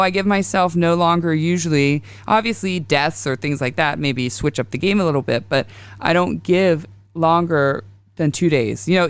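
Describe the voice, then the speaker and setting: A woman in her thirties hosts a casual astrology podcast, telling stories in a rambling, confessional way. Her low-pitched voice is gravelly with a clean tone, recorded dry.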